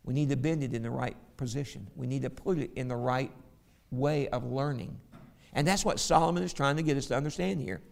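A man's voice: medium pitch, fairly quick, creaky. A middle-aged man preaching a sermon, telling stories and reading scripture aloud. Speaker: pastor.

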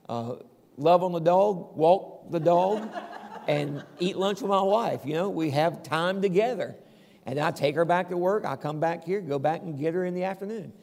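A man's voice: on the high side, gravelly, darkish tone, a little hiss or hum. An older man preaching a conversational sermon as pastor, often checking in with the congregation and chuckling now and then. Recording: long reverb of a large hall.

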